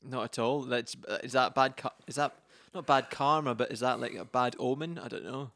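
A man's voice: mid-range voice, fairly even intonation, normal speed, pushed and bright. A man hosting a casual podcast chat, rambling and often breaking off mid-sentence. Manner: rambling, self-interrupting. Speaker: podcast host.

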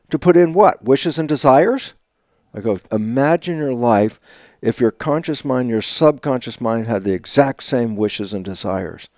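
Gravelly older man telling animated stories. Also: medium pitch, dry recording, studio quality. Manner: acts out dialogue with sudden loud bursts; laughs often while talking. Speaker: interview guest. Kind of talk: animated conversational storytelling.

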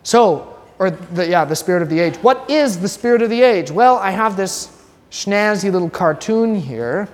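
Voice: mid-range voice, expressive, moderate pace, big-room sound. A religion teacher giving a classroom lesson in a conversational, joking way, quizzing students by name.

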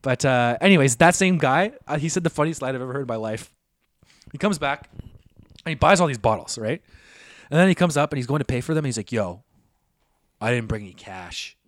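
Rowdy young man, lively high voice. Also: fast, dry recording, studio quality. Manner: rowdy, profane storytelling with mocking impressions. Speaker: podcast co-host. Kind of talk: casual podcast banter.

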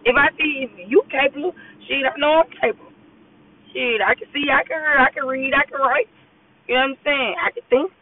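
A woman's voice: high voice, a little fast. A woman gives a casual, blunt and profane pep talk while driving. She keeps repeating "you know what I'm saying" as she talks. The sound is thin and tinny, like a phone voice message. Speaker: podcast host. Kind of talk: casual motivational monologue.

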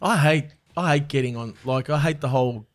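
A man co-hosting a comedy podcast, animated and laughing through crude banter. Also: fairly high pitch, a little fast. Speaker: podcast co-host. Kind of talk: casual comedy chat.

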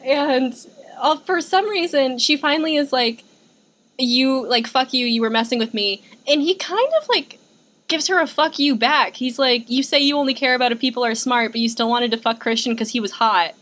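A young woman with a fairly high voice recaps a movie with friends, sarcastic and full of "like". She talks casually and keeps the story moving. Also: moderate pace, a bit bright. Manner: chatty, sarcastic, frequent "like" fillers. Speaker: podcast co-host. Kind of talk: casual film recap chat.

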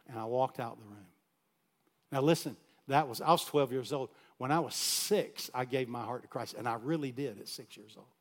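Man telling a sermon story, loud to hushed. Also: medium pitch, normal speed. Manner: animated, swings from loud to hushed. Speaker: pastor.

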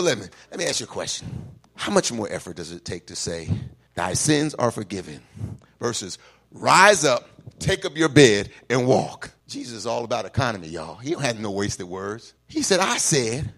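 A man preaching a call-and-response sermon, climbing into shouts at the peaks and then dropping low and quiet, in a church sanctuary. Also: big pitch swings, moderate pace, breathy edge. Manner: whoops and shouts at climaxes, then drops low.

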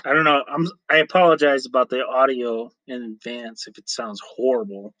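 A man's voice: mid-range voice, fairly even intonation, normal speed, pushed and bright, no room sound, lo-fi sound. A man hosting a casual solo podcast on a phone mic, rambling, swearing freely and laughing often. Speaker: podcast host. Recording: dry phone recording.

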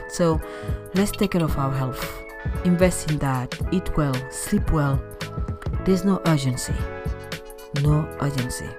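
A woman hosting a podcast interview, effusive and encouraging, full of praise for her guest. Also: sits low. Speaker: podcast host.

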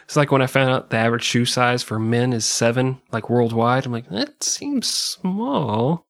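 A man's voice: medium pitch, flat delivery, a little fast, fairly bright tone, dry recording. A man hosting a comedic history podcast, narrating with wry, profane asides. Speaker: podcast host.

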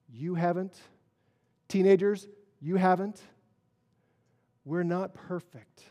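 A man preaching a sermon as pastor, earnest, moving between quiet solemn stretches and emphatic rises. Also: high-pitched, in a large hall.

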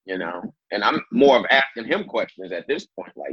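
A man with a very low, husky voice tells a story in a casual interview, acting out quotes and swearing freely. The recording is dry and a little dull. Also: very animated, normal speed, dry recording. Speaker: interview guest. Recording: dull lo-fi sound.

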